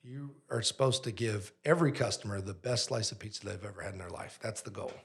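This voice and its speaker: A man who owns a pizzeria, a guest on a podcast, telling a story in an animated way and acting out the dialogue. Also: lowish voice, quick pace, creaky.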